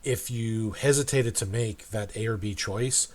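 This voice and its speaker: A man running a tabletop game as game master, narrating in a halting way with frequent restarts. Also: on the low side, darkish tone. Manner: halting, restarts mid-sentence, laughs often.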